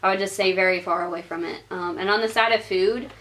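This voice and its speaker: Speaking quickly in a mid-range voice that's fairly bright and fairly even in intonation, a young woman chats casually to camera with advice. Her vlog is full of laughter and filler words.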